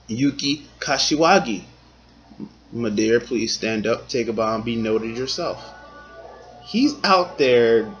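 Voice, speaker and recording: A man's voice: mid-range voice, fairly bright tone, poor audio. A man giving casual, rambling commentary on his favorite wrestlers, talking in slang and filling gaps with "like" and "um". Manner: laid-back, slangy, rambling with fillers.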